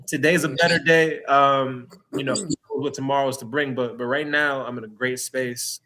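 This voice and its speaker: A man's voice: medium pitch, fairly even intonation, bright, forceful tone. A middle-aged man from New York City, a guest speaking candidly and reflectively, often restarting his phrases. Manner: earnest, reflective, halting restarts. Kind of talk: candid conversational interview.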